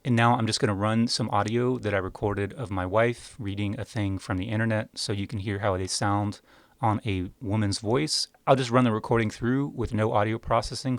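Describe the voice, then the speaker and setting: A man with a fairly low voice reviews podcast microphones, speaking close into a studio dynamic mic at his home setup. His demonstration is casual, relaxed, and wry, explained step by step, and the recording is dry.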